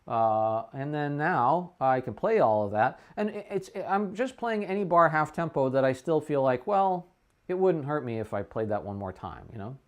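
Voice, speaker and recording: A man's voice: on the high side, animated, normal speed. A man, a music teacher, explaining how to practice a piece and singing the phrases on syllables between his explanations. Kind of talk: demonstrating practice method. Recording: dull lo-fi stream audio.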